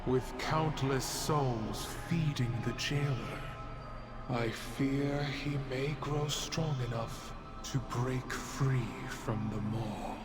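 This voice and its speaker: A man's voice: mid-range voice, natural voice. An actor playing a solemn otherworldly male herald who tells of doom in grave game narration. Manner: grave, slow, proclaiming. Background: loud game music.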